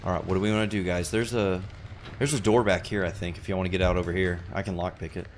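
A gaming streamer with a low, steady voice talks fast while he plays, casually rambling and laughing at his own jokes. There is slight background noise.

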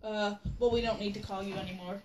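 A woman hosts a casual video, chatty and giggly as she hands out challenges and scores them. She talks fast in a mid-range, darkish voice with fairly even intonation. The mic is distant in a roomy space with background noise.

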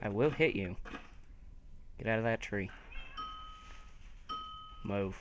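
A young man giving excited, taunting commentary over his own gameplay, talking to himself as he plays. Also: on the low side, slow, a little hiss or hum. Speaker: gaming video host.

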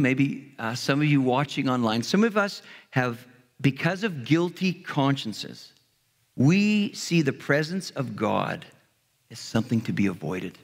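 A pastor preaching a sermon in a conversational way, retelling a story and briefly acting out its characters. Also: male voice, mid-range voice. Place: church hall. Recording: long hall reverb.

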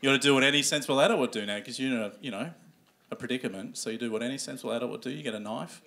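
A man hosting a stand-up comedy show, animated and swearing as he acts out characters. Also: mid-range voice, very fast, vocal fry. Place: comedy club stage before a live audience. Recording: live room with audience noise.

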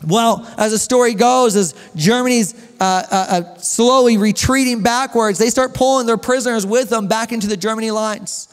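A man's voice: extremely high pitch, moderate pace, hardly any pauses, smooth. A man preaching a sermon as a pastor, telling a story, asking the congregation questions and joking with them. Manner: storytelling, asks the congregation questions, jokes and laughs. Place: church hall with long reverb. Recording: echoey church hall.

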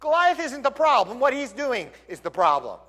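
A male pastor preaching a sermon in a lively, conversational storytelling way, in a church sanctuary. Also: very high voice, normal speed. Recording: long church hall reverb.

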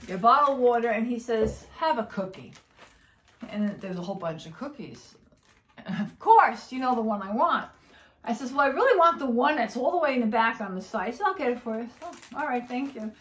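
A woman's voice: a little high, fairly quick, slight background noise. Chatty New Jersey woman in an echoey room. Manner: animated, swears, acts out quoted exchanges. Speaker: vlogger. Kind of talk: casual chatty storytelling.

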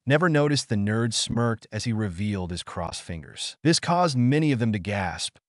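A man narrating fan fiction in an even storybook reading. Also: lowish voice, normal speed, dry recording, studio quality.

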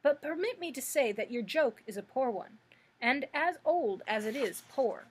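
An earnest young boy, voiced by a woman reading aloud, quick to take offence on behalf of his friends. The voice is high and husky. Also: expressive. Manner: earnest and easily provoked.

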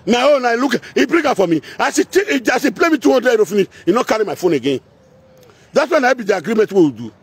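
Husky high-voiced man ranting in Pidgin. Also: sing-song, quick pace, no room sound. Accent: Nigerian Pidgin, Edo. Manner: confrontational, chanting, singsong repetitions. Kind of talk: heated rant mixing chant and speech.

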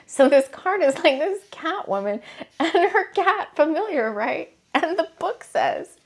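A woman reading oracle cards in a casual, gushing way, laughing often as she talks about her decks and her books. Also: high voice. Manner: gushing and excitable, quick to laugh. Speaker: spiritual energy reader and deck author.

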